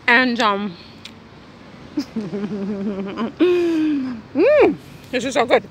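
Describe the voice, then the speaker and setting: Talking very slowly with lively intonation, a woman with a slightly high voice rambles casually to her camera while eating outside in the heat. She's a vlogger, and faint noise sits in the background of the recording.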